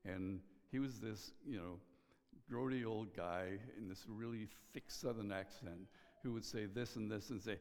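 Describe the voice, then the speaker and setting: Low-voiced preacher in a reverberant hall. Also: male voice. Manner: earnest, pausing, drops to a soft hush on key lines. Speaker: pastor. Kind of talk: sermon.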